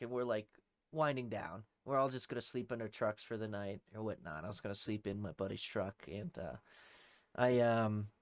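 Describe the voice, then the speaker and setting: A man's voice: on the low side, dry recording, studio quality. A young man, a podcast co-host and former Army private, telling a story in a casual, profane, rambling way and laughing through it.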